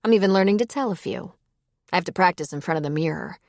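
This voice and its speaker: A woman's voice: on the low side, quick pace, a little mellow, no echo, natural voice. A woman voicing a sly, guarded bartender. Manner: dry, knowing.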